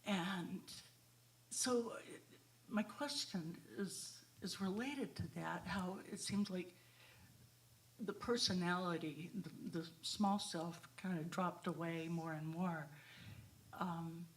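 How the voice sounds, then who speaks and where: A woman's voice: lowish voice, slow. A woman in the audience asking a question into a handheld microphone, searching for her words as she goes. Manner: hesitant, searching phrasing. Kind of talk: audience question at a spiritual talk.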